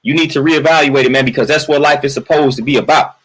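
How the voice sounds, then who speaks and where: Fast, a bit bright and on the high side, with a breathy edge, a man vents on his livestream over poor audio. He restates his points emphatically, keeps adding "man" to his lines, and pauses to greet people from the chat.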